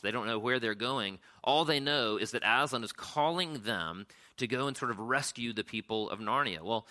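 A man giving a sermon in a casual, halting way, retelling and reading a storybook. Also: mid-range voice, sharp tone. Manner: casual, halting, with frequent fillers.

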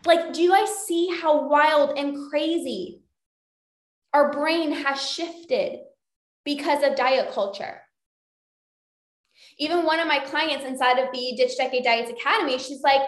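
High-voiced chatty woman podcaster. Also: unhurried, reverberant. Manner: chatty, with many "like" fillers and acted-out inner voices. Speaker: podcast host and binge eating coach. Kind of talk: casual solo podcast talk.

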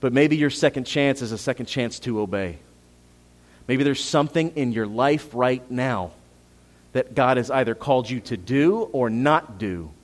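A man preaching a sermon as pastor, rising to emphatic peaks and dropping to soft appeals, repeating phrases and asking the congregation questions. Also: medium pitch, moderate pace.

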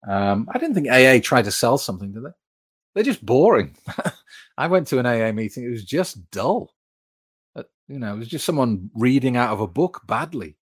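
A man's voice: medium pitch, big pitch swings, normal speed, breathy edge. A British man hosting a live stream, chatting frankly and reading out viewer comments with plenty of fillers. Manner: frank, conversational, many fillers. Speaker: host.

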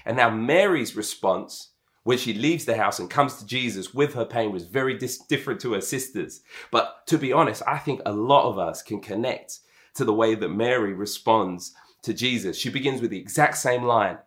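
A man's voice: medium pitch, moderate pace. Impassioned male preacher. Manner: impassioned, swings between soft and emphatic, repeats words. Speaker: pastor. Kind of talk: sermon.

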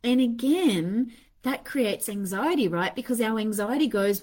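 A woman's voice: on the high side, lively intonation, unhurried, a little mellow. A woman hosting a podcast in a candid, casual monologue, swearing freely and acting out her own inner voices. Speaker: podcast host.

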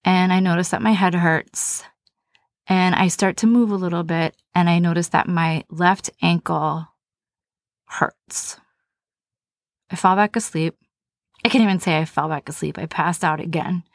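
A woman's voice: lowish voice, steady tone, measured pace, gravelly, long pauses, dry recording, studio quality. A woman hosting a podcast, telling a personal story in a candid, conversational, self-deprecating way. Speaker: podcast host.

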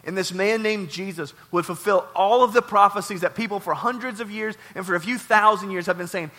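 A man pastor delivering a sermon in a warehouse church, repeating phrases and swinging between loud and soft. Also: high-pitched, a little fast, hardly any pauses.

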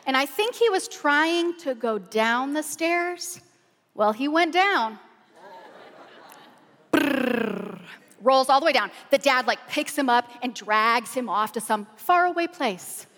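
A woman pastor preaching with an animated, excited, chatty way of telling funny stories from the pulpit. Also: high voice, unhurried. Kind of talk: humorous sermon storytelling. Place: large church auditorium. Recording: long reverb of a large hall.

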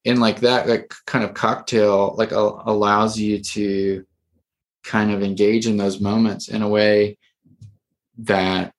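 A man's voice: fairly low pitch, little pitch movement, takes it slowly. A male therapist telling a story in a casual podcast conversation, rambling with lots of fillers and restarts.

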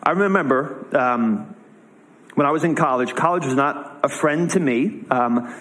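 A man's voice: mid-range voice, measured pace, fairly bright tone, rough recording. A young man preaching in a casual, conversational way, retelling a story with voiced asides. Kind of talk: casual sermon.

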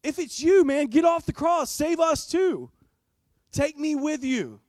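A man voicing a dying male criminal on a cross, desperate and taunting, pleading until he shouts. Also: very high voice, animated, measured pace, dry recording, clean studio sound, voice pushed up.

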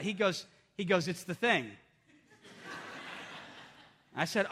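A man's voice: sits high, moderate pace, pauses often, sharp tone. A middle-aged man preaching a sermon as pastor, earnest and conversational, often restarting his phrases. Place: church sanctuary. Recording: long hall reverb.

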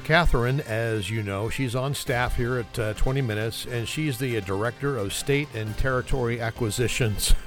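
A man's voice: mid-range voice, normal speed, hardly any pauses, over music. A man hosting his own podcast in a casual, joking solo chat, laughing at himself as he goes. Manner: joking, self-mocking, chuckles often. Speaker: podcast host.

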